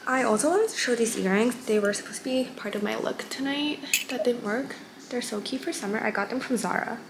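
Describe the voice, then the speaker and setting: A woman's voice: a little high, brisk, very noisy. A young woman vlogging in a chatty, upbeat, casual way, full of fillers. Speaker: lifestyle vlogger. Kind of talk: casual vlog chat. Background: music.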